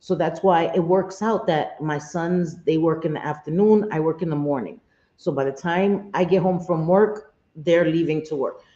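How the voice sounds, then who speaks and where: On a live stream, a middle-aged woman talks casually with her viewers, replying to them directly while laughing a lot and swearing freely. She has a low, warm voice at a normal pace, captured with a roomy, somewhat dull sound.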